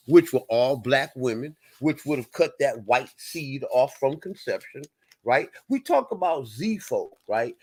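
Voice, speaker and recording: A man hosting an online show, reading aloud and arguing heatedly, repeating "right?" and "people" as he pushes his point. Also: medium pitch. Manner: emphatic, repeats "right?" and "people", rising to loud outbursts. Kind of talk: heated casual commentary reading from screen.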